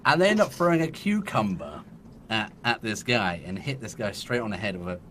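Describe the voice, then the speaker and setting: A man's voice: lowish voice, very animated, fairly quick, a bit bright, slight background noise. A man in his thirties with an English accent, a podcast guest telling a long, laughing story in casual chat. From England.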